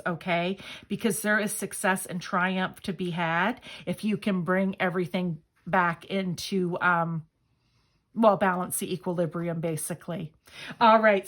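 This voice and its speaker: A woman's voice: mid-range voice, fairly bright tone. A woman giving a casual pick-a-card tarot reading, chatty and enthusiastic as she talks straight to her viewers. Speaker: tarot reader.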